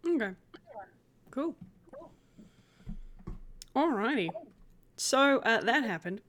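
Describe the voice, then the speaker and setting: A woman's voice: a little high, expressive, slow, fairly bright tone, slight background noise. A woman narrating and running a tabletop role-playing game as game master, descriptive and giggly.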